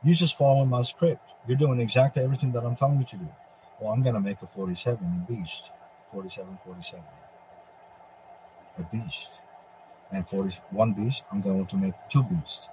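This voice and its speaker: A man's voice: fairly low pitch, a little fast, dark tone, slight background noise, poor audio. A man giving a profane, mocking religious monologue, speaking as a divine figure taunting Satan. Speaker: religious preacher.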